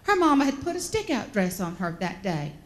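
A woman from the American South, telling folksy, animated stories as a motivational speaker and acting out the voices in them. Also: mid-range voice, brisk. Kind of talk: storytelling keynote speech.

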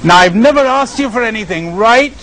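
A man's voice: on the high side, expressive, normal speed, fairly bright tone, slight background noise, rough recording. An Indian-accented man voicing a pious old man who wheedles and bargains insistently with God. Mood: pleading.

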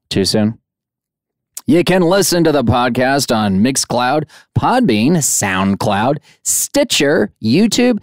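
A man's voice: sing-song, takes it slowly, no echo, clean studio sound. Playful man hosting a podcast. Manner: playful and jokey, swinging pitch for comic effect. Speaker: podcast host. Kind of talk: casual podcast interview and outro. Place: studio at a music school.

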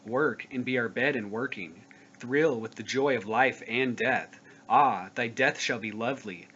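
A man's voice: mid-range voice, unhurried, fairly bright tone. Man reading scripture in a grave, declamatory voice. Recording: dull lo-fi recording with faint noise.

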